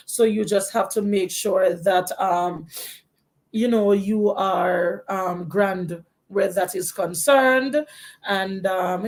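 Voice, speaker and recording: A woman's voice: medium pitch, a little mellow. A woman from Jamaica with a Jamaican accent, a teacher hosting a live Q&A and giving frank, encouraging advice to viewers, often restarting her sentences. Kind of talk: live Q&A, answering viewer questions.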